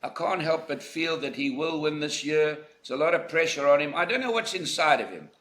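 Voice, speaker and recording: An older South African man, a golf legend, is interviewed in a conversational setting, telling anecdotes in a reflective, emphatic way. His fairly high, slightly bright voice is expressive and a little fast, with reverberant sound.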